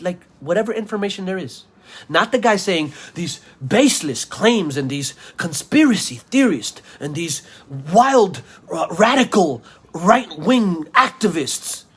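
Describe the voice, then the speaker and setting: A man's voice: a little high, fairly bright tone. A man delivering an angry political rant to camera, scornful and insulting his listeners. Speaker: political commentator. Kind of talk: ranting vlog monologue.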